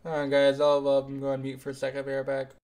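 A young man streaming live gameplay and chatting with viewers, excitable and suddenly louder when something happens. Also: mid-range voice, fast talker.

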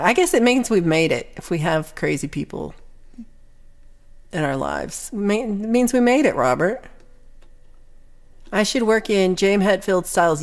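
Chatty woman reading stream comments. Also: lowish voice. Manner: chatty, rambling, playful with frequent ums and laughs. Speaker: livestream musician chatting with viewers. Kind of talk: casual livestream chat reading comments.

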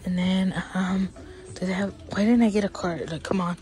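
A woman's voice: mid-range voice, moderate pace, faint music behind. Woman whispering in a store vlog. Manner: chatty, often drops to a whisper, excited gasps. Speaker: vlogger. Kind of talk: casual shopping vlog. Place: inside a large department store.

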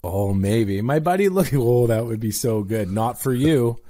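A man co-hosting a comedy podcast, bantering in a relaxed, teasing way with casual swearing. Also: medium pitch, measured pace. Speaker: podcast co-host.

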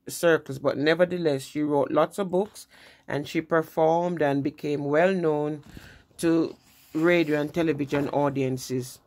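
A presenter with a low, darkish voice gives an informal history lesson conversationally. She often restarts phrases and says "you know" frequently.

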